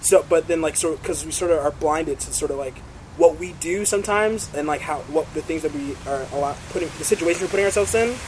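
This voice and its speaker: A teenage boy in a band, chatting excitably in an interview and acting out what people said. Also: fairly high pitch, fast, a little hiss or hum, low-quality recording. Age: teens. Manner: excitable, acts out quotes, many fillers. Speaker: band member guest. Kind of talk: casual interview chat.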